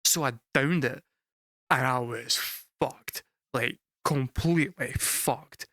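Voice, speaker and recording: A man's voice: medium pitch, slow, no room sound. Swearing, storytelling Scottish man, dry sound. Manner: animated, swears freely, laughs through the punchlines. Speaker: music reaction streamer. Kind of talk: casual storytelling to a live chat.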